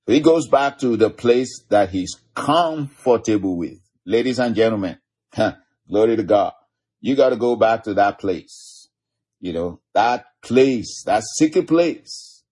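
A man's voice: lowish voice, lively intonation, unhurried, a little mellow, husky. A man preaching a sermon, retelling scripture stories with frequent chuckles. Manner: storytelling, chuckling often.

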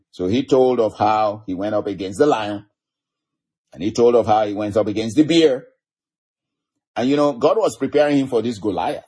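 A man's voice: on the low side, normal speed, long pauses, dark tone, breathy edge. A man preaching a sermon, retelling scripture stories with frequent chuckles. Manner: storytelling, chuckling often.

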